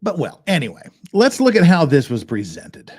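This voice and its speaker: A man's voice: fairly high pitch, wildly swooping pitch, normal speed, slightly rough. A man hosting a legal commentary show, talking casually in a rambling way with restarts and chuckles. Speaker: host of a legal commentary channel.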